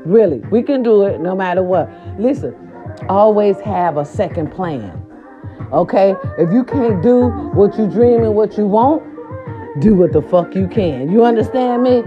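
A profane, animated woman vlogger tells a dream story and turns it into a preachy pep talk, slipping into voices as she goes. Her pitch sits mid-range. The recording is dull and lo-fi, with faint music in the background. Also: a little slow.

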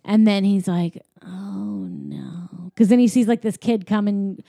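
A woman in her thirties casually recapping a movie plot, jumping into quick character voices as she retells scenes. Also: mid-range voice, no echo, studio quality. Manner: animated, acts out characters' lines in quick voices.

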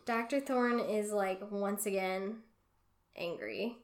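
A young woman casually chatting about a book as a podcast co-host, retelling scenes with quick voiced quotes. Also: mid-range voice. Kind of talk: casual chat. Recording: echoey room.

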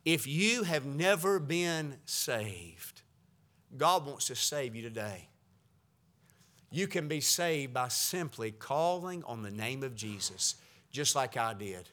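A man preaching a sermon as pastor, slow and deliberate, swelling his voice and then dropping to a hush. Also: on the high side.

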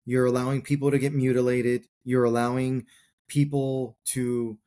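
A man's voice: mid-range voice, level tone, normal speed, dark tone. A man in his forties, a combat veteran and podcast guest, telling his story in an earnest, reflective way in short plain clauses. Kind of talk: personal storytelling in a conversation.

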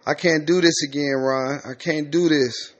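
A man's voice: a little high, steady tone, moderate pace, dull audio, lightly acted. A man doing a fed-up angry wife. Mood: confronting. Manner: confronting, raised voice. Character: angry worried wife, adult woman.

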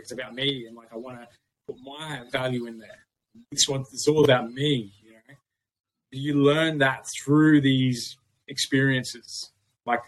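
A young adult man with an Australian accent speaks as a podcast guest. He reflects aloud in a meandering way, often restarting his sentences. His pitch sits in an ordinary middle range. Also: fairly bright tone. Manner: rambling, reflective, many restarts. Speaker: podcast guest, gym owner. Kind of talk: casual conversation.

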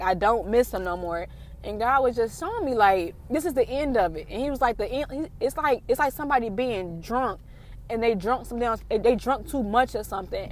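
A young woman, giving an emotional faith testimony in a rambling vlog, with lots of "like". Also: a little high. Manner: rambling, fills with "like". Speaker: vlogger.

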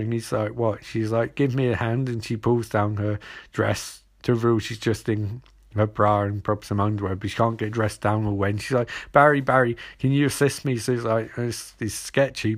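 A young man casually recapping a TV episode, sarcastic and rambling, acting out the characters' lines as he goes. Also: mid-range voice.

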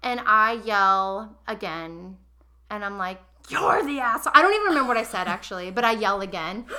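Casual podcast host, young woman, animated and emotional, talks straight to her audience with a bright edge. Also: medium pitch, brisk. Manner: animated, emotional, addresses listeners directly. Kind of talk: casual confessional storytelling.

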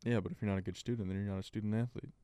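A man's voice: lowish voice, steady tone, very fast, warm tone, smooth, no room sound. A man co-hosting a sports podcast in casual chat, rambling with lots of fillers. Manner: rambling, filler-heavy, laughs easily. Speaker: podcast co-host.

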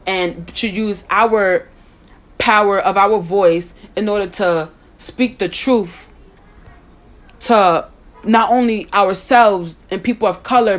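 A young woman giving a personal talk, earnest and thinking aloud, often restarting her sentences. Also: mid-range voice. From United States. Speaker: speaker sharing a personal view.

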